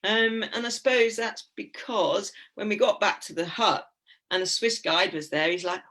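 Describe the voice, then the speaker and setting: A woman's voice: mid-range voice, normal speed, fairly bright tone. An English woman in her fifties gives a chatty, giggly, anecdotal talk with slides as a guest speaker. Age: 50s.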